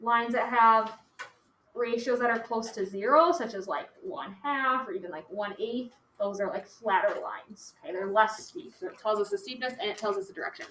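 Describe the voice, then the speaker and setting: A woman's voice: a little high, normal speed, fairly bright tone. A woman teaching a class, chatty and casual, filling her talk with "like" and "okay". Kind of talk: classroom lecture. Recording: echoey classroom, faint noise.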